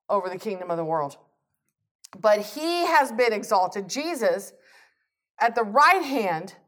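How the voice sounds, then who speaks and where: A woman preaching a sermon with fervent energy, reading and quoting scripture and building to emphatic peaks. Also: a little high.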